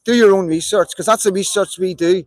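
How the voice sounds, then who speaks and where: A man from Northern Ireland speaks with a Belfast accent in a raised, fairly high voice. He talks straight to his audience in a live-stream monologue, hammering his points with emphatic repetition. The sound is close and dry, with no room around it. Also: fairly quick, no room sound, low-quality recording.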